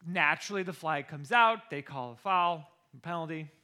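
Bright-voiced animated storytelling coach. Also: male voice, a little high, moderate pace. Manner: animated, acts out the people he quotes. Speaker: football coach. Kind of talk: personal storytelling.

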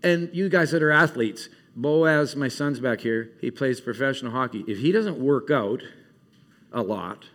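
A man's voice: medium pitch, a bit bright. Earnest middle-aged man preaching at camp. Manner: earnest, rambling, halting with fillers and restarts. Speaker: camp speaker. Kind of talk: informal sermon to a camp crowd. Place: meeting room at a summer camp.

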